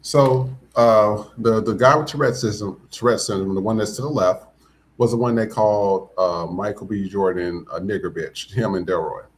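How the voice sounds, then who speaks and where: A man's voice: fairly low pitch, moderate pace, slight background noise. Blunt, profane male podcast host. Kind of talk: casual commentary.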